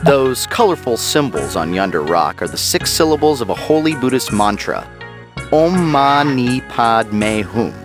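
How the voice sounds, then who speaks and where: A wisecracking AI sidekick from a video game, sarcastic and playful, with a lively, swooping delivery. He takes his time over each line, and game music plays behind him. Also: medium pitch, unhurried. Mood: wry. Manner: sarcastic, playful, chants and sings. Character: jokey, irreverent male AI companion.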